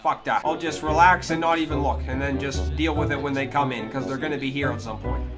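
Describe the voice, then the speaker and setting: A man giving live gameplay commentary, cursing freely and swinging between low muttering and yelling at the game. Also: steady tone, brisk. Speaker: gaming video creator. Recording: clear game music under the voice. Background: game music.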